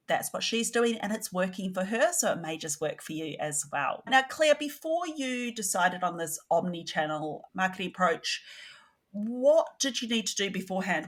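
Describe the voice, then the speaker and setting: A woman's voice: on the low side, a bit bright. A woman hosting a podcast interview, encouraging and speaking directly to listeners with prompts. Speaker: podcast host. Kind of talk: casual interview chat.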